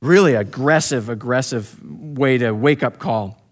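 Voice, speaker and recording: A man's voice: mid-range voice, unhurried. A man preaching through a Bible passage, reading verses and adding casual, slangy commentary while acting out the quotes. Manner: casual slangy asides, acts out quotes loudly. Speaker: pastor teaching a Bible passage. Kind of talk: expository sermon, reading scripture and commenting.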